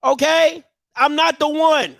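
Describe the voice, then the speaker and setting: A man in his thirties with a strikingly high-pitched voice hosts a heated commentary rant. He mocks his target with rapid-fire rhetorical questions and breaks into shouting now and then. The sound is dry and close, with no room echo. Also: fairly even intonation, vocal fry. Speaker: show host.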